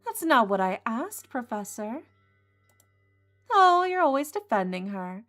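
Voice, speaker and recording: A woman's voice: a little high, big pitch swings, a little slow, fairly bright tone, faint music behind, pitched above the performer's own voice. A woman voicing a cold, disdainful authority figure in a visual novel game, speaking in a cutting, scornful way.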